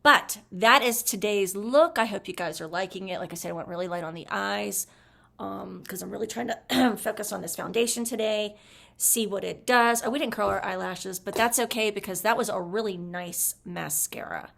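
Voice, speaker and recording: A woman's voice: medium pitch, normal speed, vocal fry, a bit bright, a little hiss or hum. A woman chatting casually through a makeup review, gushing as she applies products. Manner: chatty, gushing, talks while applying makeup. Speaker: beauty vlogger.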